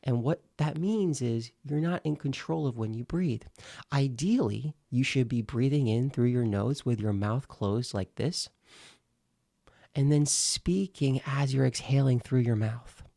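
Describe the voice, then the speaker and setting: A male speaking coach talks through his lesson in a deliberate, teacherly way, repeating key phrases so they stick. His voice is mellow with a gravelly edge. The sound is dry and close. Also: medium pitch, dry recording. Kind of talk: instructional video.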